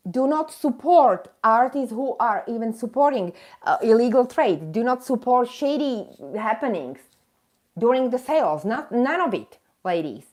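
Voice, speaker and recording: A woman's voice: on the high side, animated, normal speed, darkish tone. Fired-up woman hosting a live stream. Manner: indignant, emphatic, addresses viewers as ladies; self-mocking, chatty asides. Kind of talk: impassioned live chat rant.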